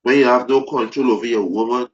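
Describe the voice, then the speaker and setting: A man preaching fervently, repeating phrases, restarting sentences and rising into loud emphasis. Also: mid-range voice, steady tone, quick pace. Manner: repetitive, stumbling restarts, rising to shouted emphasis. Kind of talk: impassioned preaching. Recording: dull lo-fi recording.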